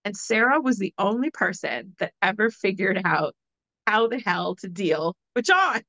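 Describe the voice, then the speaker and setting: A woman, co-hosting a podcast and telling a story in a casual, animated way, laughing often. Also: medium pitch, unhurried, no room sound, poor audio. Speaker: podcast co-host.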